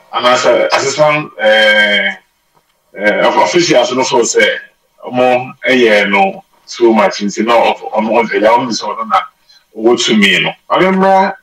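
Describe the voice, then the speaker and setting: A man with a Ghanaian accent, talking as a football pundit in an animated studio sports discussion, mixing Twi and English. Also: mid-range voice, recorded from a distance. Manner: animated, mixes Twi and English mid-sentence. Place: radio studio. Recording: roomy and off-mic radio studio sound.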